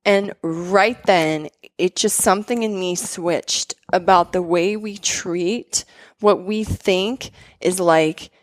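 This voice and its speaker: Woman, doctor guest, animated talker, dry close-mic podcast sound. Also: fairly low pitch, takes it slowly, no echo. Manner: animated storyteller, many "like" fillers. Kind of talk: casual chat.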